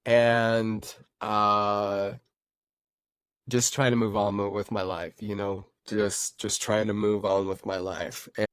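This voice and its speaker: Animated man telling his recovery story. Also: on the low side, no room sound. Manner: animated, repetitive, addresses listeners as guys. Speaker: podcast host. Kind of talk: personal storytelling podcast.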